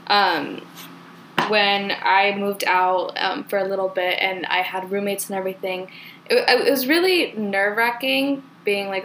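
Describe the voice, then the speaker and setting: A woman's voice: medium pitch, unhurried, fairly bright tone, slight background noise, low-quality recording. Chatty young woman hosting a podcast. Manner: chatty, laughs easily, encouraging. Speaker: podcast host. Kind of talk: casual chat.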